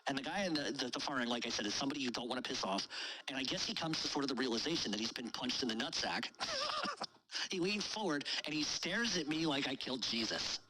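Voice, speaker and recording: Man, casual storyteller host, bright tone, profane and amused. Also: medium pitch, very animated, fast talker, a little hiss or hum, poor audio. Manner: profane, laughing through his own story.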